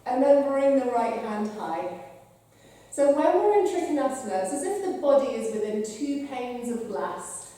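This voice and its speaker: A high-pitched, mellow-toned woman guides a yoga class, calmly and encouragingly talking students through each breath and pose. She sits at a distance from the microphone in a large room with a long, echoing reverb. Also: moderate pace. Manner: calm, encouraging cueing of breath and poses. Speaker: yoga instructor. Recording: echoey hall, voice from far off.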